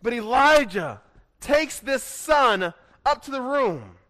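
High-voiced man preaching a sermon. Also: big pitch swings, slow. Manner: swings from hushed to emphatic; reads scripture aloud in a dramatic way. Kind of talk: expository sermon.

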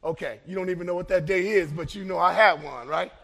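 High, gravelly-voiced preaching pastor. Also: male voice, quick pace. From Los Angeles. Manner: fervent preaching, swinging between shouted peaks and hushed asides. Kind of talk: sermon.

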